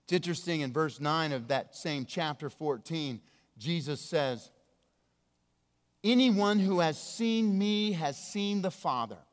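A man preaching a sermon as pastor, emphatic, slowing down hard on key words, with big swings between loud and quiet. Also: a little high, expressive. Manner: emphatic, with slow drawn-out stresses and wide swings in loudness. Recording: long hall reverb.

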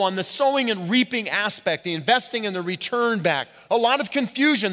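A pastor giving a sermon to his congregation, leaning hard on key words and slowing down to stress them. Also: high-pitched, bright, forceful tone. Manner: emphatic preaching with slow stressed words. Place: church sanctuary. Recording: reverberant hall.

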